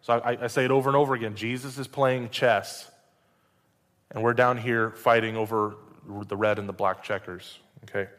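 A male preacher reads scripture aloud and breaks in with conversational asides and rhetorical questions, mixing Bible reading with sermon commentary. His voice is medium-pitched, steady and a bit bright, at a moderate pace. The hall has long reverb.

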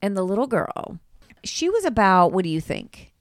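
A woman's voice: mid-range voice, very animated, moderate pace, no echo, clean studio sound. A woman co-hosting a podcast, telling a story in casual chat and acting out what people said, with a lot of swearing. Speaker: podcast co-host.

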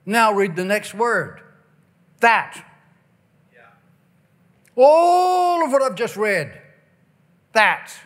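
A man with a high voice delivers a revival sermon. He stretches out key words, rises into shouts and slips into a sing-song cadence as he reads verses aloud. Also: sing-song. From Ireland. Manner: emphatic, drawn-out stresses, bursts of shouting and sing-song phrasing. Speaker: preacher.

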